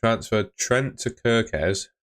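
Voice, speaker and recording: A man's voice: lowish voice, slow pace. A man hosting a casual live stream, chatting and answering viewers' questions, often calling them mate.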